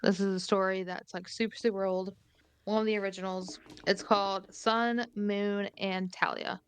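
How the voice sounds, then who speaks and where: A woman co-hosting a podcast who talks in a relaxed, conversational way with casual fillers. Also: medium pitch, normal speed, smooth. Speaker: podcast co-host.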